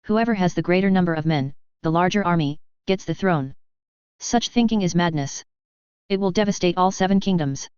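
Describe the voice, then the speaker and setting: A woman's voice: lowish voice, moderate pace, a little mellow, clear, resonant tone, no echo, lo-fi sound, lightly acted. An earnest young woman advisor, read by a woman.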